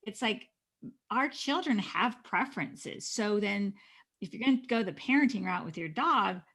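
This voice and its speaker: Middle-aged lady w a creaky gravelly voice, earnest advice-giving interview guest, lots of little restarts. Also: mid-range voice, lively intonation, measured pace, fairly bright tone. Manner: earnest, advising, with frequent restarts. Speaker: animal communicator, guest. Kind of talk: conversational interview.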